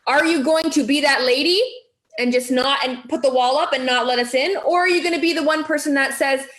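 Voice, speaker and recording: Female coach, high voice, encouraging, roomy echo. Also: a little fast, a bit bright. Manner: encouraging, direct questions to the group. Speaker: weight-loss coach. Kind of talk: motivational group talk.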